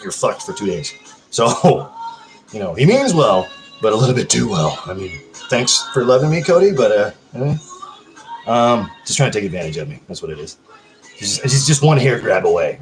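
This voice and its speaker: A man's voice: mid-range voice, rough recording. A man casually hosting a livestream, rambling and swearing while he reads viewer comments aloud. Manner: rambling, profane, hyper. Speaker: livestream host.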